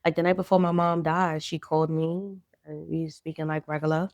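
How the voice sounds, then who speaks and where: A clothing brand founder, appearing as a podcast guest, earnestly and reflectively tells her own story of loss, faith and healing, working through grief candidly. Her voice is low-pitched and darkish, brisk, with little pitch movement and no echo.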